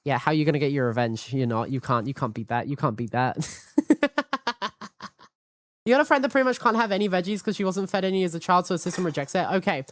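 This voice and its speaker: A woman's voice: deep voice, animated, fast. A woman streaming from home, chatting in a hyperactive, cheeky way and swearing freely. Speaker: VTuber streamer. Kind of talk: casual live-stream chat.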